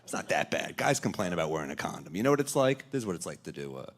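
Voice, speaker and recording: A man performing stand-up comedy on a club stage into a handheld mic, with a dry, deadpan delivery. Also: sits low, rapid-fire, background noise. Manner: deadpan, dry delivery, talking back to a heckler. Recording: live club recording, laughing crowd.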